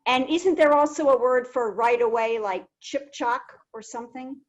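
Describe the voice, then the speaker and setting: A woman's voice: fairly high pitch, moderate pace, lo-fi sound. A woman on a video call asking questions during a webinar. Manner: asks questions, spells out words. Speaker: webinar participant.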